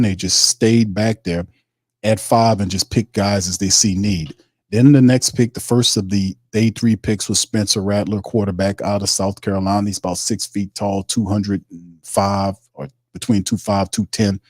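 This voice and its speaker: A man's voice: lowish voice, a little mellow, breathy edge, dry recording, clean studio sound. A man hosting a live sports stream, reading viewer comments and reacting in loose, slangy talk. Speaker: sports podcast host. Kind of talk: casual live-stream chat.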